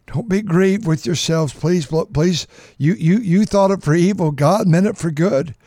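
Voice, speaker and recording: A man preaching a sermon, reading scripture aloud and repeating phrases for emphasis, swinging from loud outbursts to hushed tones. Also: on the high side, moderate pace, no room sound, clean studio sound. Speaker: pastor.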